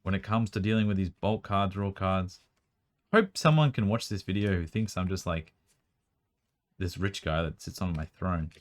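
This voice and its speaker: A young man with a strained, worn-out voice, chatting quickly as he sorts through a card collection at home, with bursts of excitement. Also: deep voice. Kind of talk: casual running commentary while sorting cards. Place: room at home.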